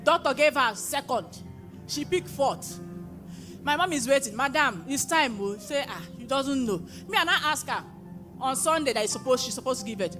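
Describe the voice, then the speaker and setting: Young woman with a high voice testifying at a church gathering, her story swinging into excited cries, with music playing clearly behind her. Warm-hearted, plainspoken storytelling. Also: moderate pace. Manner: emotional, often rising to excited exclamations. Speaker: testifier at a prayer conference.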